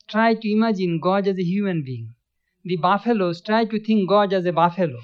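A man giving a spiritual lecture, telling stories, chanting verses and chuckling often. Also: sits high. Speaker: spiritual teacher. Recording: dull lo-fi recording.

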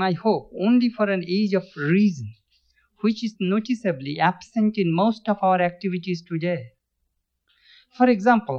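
A man with a notably high voice gives a spiritual talk as a swami, explaining scripture in a measured way. He pauses and restarts his phrases as he thinks. The recording is dull and lo-fi. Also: a little mellow. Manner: measured, thoughtful pacing with frequent restarts.

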